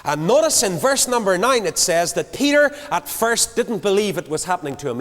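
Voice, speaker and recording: A man preaching a sermon to a large congregation, swinging from loud declarations to quiet low asides. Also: very animated, a little fast, hardly any pauses. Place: large church. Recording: long hall reverb.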